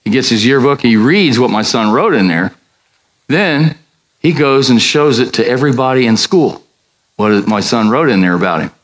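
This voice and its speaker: An older man preaching as a pastor, telling a story and acting out the dialogue with sudden high jumps in his voice. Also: normal speed, poor audio. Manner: animated, acts out dialogue with big pitch jumps. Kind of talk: sermon storytelling.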